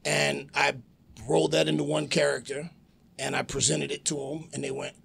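A man's voice: a little high, normal speed, creaky, breathy edge. A man in his forties telling stories in a casual podcast chat, acting out the voices of people in them. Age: 40s. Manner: animated storyteller acting out quoted voices. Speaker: podcast guest, pro wrestler.

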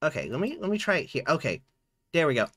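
A man's voice: a little high, fast. A man streaming a game live, chatting casually and fumbling with his audio settings. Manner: chatty, fumbling with settings, lively ups and downs. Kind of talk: casual live-stream chat while gaming.

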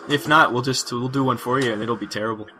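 A man's voice: medium pitch, fast talker. A man from Ontario co-hosting a podcast in casual chat, joking and laughing often. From Ontario, Canada. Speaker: podcast co-host.

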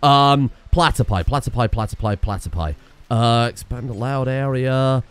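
A man's voice: medium pitch, normal speed, clear, resonant tone, dry recording. A man casually commentating his own gameplay, breaking into exclaims and laughter. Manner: excitable, laughs and exclaims in bursts. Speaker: gaming video host.

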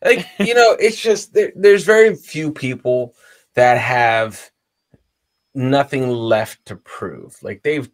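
Lively, laid-back American guy swearing casually. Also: mid-range voice, takes it slowly. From United States. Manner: laid-back, swears freely, calls people dude and bro. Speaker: reaction channel co-host. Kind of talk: casual chat.

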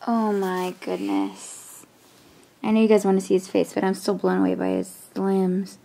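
A woman's voice: medium pitch, level tone, normal speed, vocal fry, mellow. Awestruck woman gushing in whispers. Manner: gushing, breathless exclamations, whispers in awe. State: shaking with excitement. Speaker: vlogger. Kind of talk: excited unboxing vlog, often whispering.

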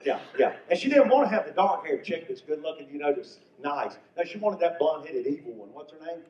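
A man's voice: fairly high pitch, animated, brisk. An older man from North Carolina, telling stand-up comedy stories in a folksy way. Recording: echoey venue from far off, muffled.

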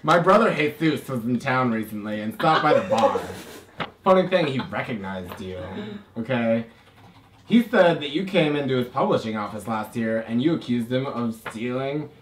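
A man improvises his character in a murder mystery party game with playful, giggly teasing. He sits back from the mic in an echoey room with a faint hiss, and his pitch rises and falls widely. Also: expressive, moderate pace, far from the mic. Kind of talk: in-character improv among friends.

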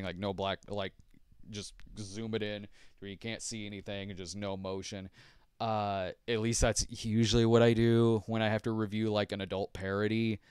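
A man in his fifties hosts a casual podcast chat. His voice sits on the low side and sounds smooth and resonant against a dry, close sound. He rambles through viewer questions in a self-deprecating way and chuckles often. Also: no room sound. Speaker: podcast host and movie reviewer.

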